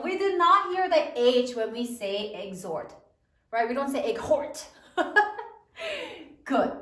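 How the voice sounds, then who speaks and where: Slow, lively woman teaching spelling. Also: on the high side. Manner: slow, sounding out words letter by letter. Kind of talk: spelling lesson. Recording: echoey room, mic at a distance.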